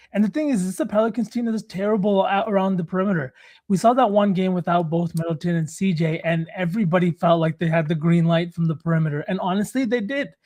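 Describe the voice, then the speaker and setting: A man's voice: high voice, darkish tone. A man co-hosting a sports betting show, breaking down player props in casual analytical chat.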